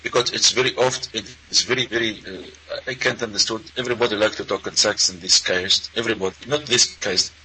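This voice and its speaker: Earnest caller, halting second-language English. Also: male voice, lowish voice, bright, forceful tone, slight background noise, rough recording. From Arab world. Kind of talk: call-in conversation.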